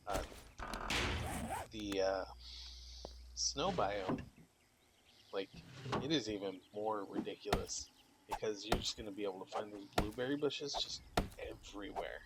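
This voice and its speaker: A man's voice: lowish voice, very noisy. A tired young man giving casual, rambling commentary while he plays a survival game, with lots of fillers. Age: young adult. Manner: rambling, relaxed, many fillers. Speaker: gaming channel host.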